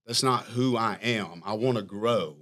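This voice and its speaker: A man's voice: fairly low pitch, a little slow. Self-mocking storytelling man. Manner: animated, self-mocking storyteller who laughs often. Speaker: firm CEO, podcast guest. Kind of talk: casual storytelling interview.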